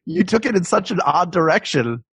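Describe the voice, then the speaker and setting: A man's voice: high voice, very animated, fairly quick, vocal fry, a bit bright, breathy edge, no echo, studio quality. A man co-hosting a comedy podcast from his home, talking in a rambling, self-interrupting way and laughing often. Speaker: podcast co-host. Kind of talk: casual chat. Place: his home, recording remotely.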